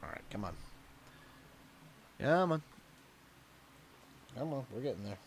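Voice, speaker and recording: A young adult man from Canada, chatting casually and jokingly on a livestream while unboxing, rambling and easily excited. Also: mid-range voice, measured pace, slight background noise. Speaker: streamer.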